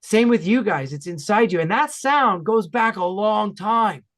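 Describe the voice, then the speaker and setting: Man, Ontario Canadian accent, podcast regular, casual chat, energetic, emphatic. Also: high-pitched. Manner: energetic, emphatic, fast bursts.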